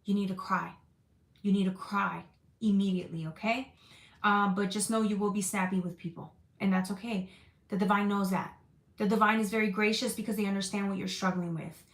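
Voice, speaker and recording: A woman's voice: medium pitch, fairly even intonation, brisk, reverberant. A woman tarot reader chatting on a live stream, reassuring viewers and reading their comments aloud. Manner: casual, reassuring, reads chat comments aloud.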